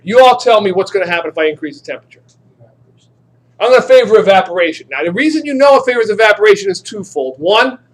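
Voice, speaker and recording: A man teaching a chemistry class, lecturing and joking with students during a demonstration in a classroom. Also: sits high. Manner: animated, joking, talks to students directly.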